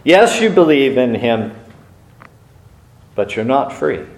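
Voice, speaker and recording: A man of middle pitch preaches slowly and earnestly, pausing and restarting now and then. His voice rings out in a reverberant church sanctuary. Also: sing-song. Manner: earnest, measured, with small restarts and pauses. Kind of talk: sermon. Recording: echoey room.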